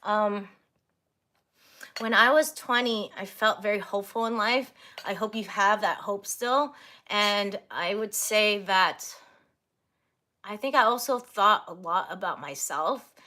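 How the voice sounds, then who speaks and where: A woman's voice: medium pitch, takes it slowly, bright, forceful tone. A woman in her thirties chatting casually on a livestream, reading viewer comments aloud and giggling often.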